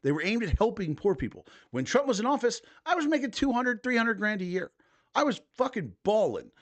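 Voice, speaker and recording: A man's voice: high voice, sing-song, brisk. A man in his thirties from the United States, hosting a political livestream and ranting angrily with constant swearing. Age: 30s. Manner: angry, swears constantly, reads posts aloud mockingly. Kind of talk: profane ranting commentary.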